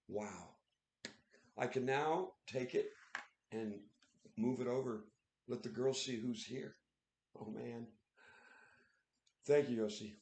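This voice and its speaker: A man hosting a casual livestream, excitable and exclaiming, laughing often. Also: mid-range voice, unhurried, pauses often, reverberant. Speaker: livestream host. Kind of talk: casual live commentary.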